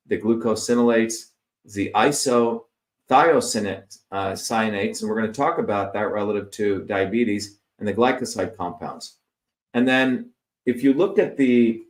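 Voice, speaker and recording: Man, middle-aged, slide lecture, fairly low voice, roomy echo. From India. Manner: lists terms one by one with fillers. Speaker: presenter. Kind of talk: explanatory lecture over slides.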